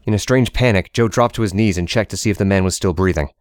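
A man narrating an audiobook in a steady, measured reading. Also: low-pitched, heavy background noise.

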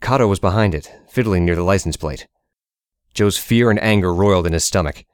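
Deep-voiced man reading a story. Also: fairly quick, smooth, no echo, studio quality. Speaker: narrator. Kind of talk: audiobook narration.

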